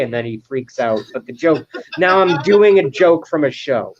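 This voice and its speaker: A man's voice: on the high side, expressive, normal speed, dull audio. A man chatting as a guest on a live stream over a video call, rambling through a story with stammered restarts. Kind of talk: casual chat.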